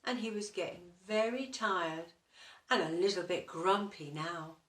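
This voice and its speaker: A woman's voice: fairly low pitch, unhurried, a bit bright. A woman reading a children's story aloud and asking the young listeners questions along the way. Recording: roomy echo, distant mic.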